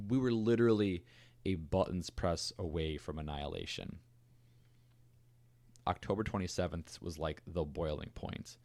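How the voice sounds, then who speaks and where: A man co-hosting a podcast, telling a history story in a relaxed, conversational way with fillers and asides. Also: sits low, no echo. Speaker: podcast co-host. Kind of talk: casual storytelling chat.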